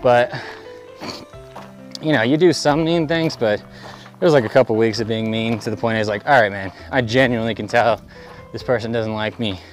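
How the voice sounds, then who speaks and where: A man's voice: medium pitch, normal speed, long pauses, soft background music, rough recording. A young man vlogging outdoors on a desert hiking trail, chatty and rambling with lots of fillers. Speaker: thru-hiker vlogger. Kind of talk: casual talking to camera on the trail.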